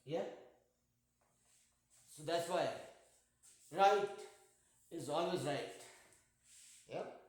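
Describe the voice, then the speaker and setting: Indian-accented math teacher, echoey room. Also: male voice, fairly high pitch, drawn-out words, pauses often. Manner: patient, jokey, checks in with "yeah?". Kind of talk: online class teaching.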